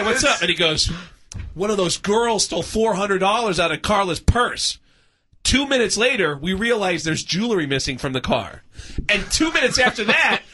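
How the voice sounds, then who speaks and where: A man, a comedian, telling a long story on a radio show, acting out everyone's lines, often laughing and shouting. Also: slight background noise. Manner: acts out other people's lines with big pitch swings, laughing and shouting. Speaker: comedian guest. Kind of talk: animated comic storytelling. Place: radio studio.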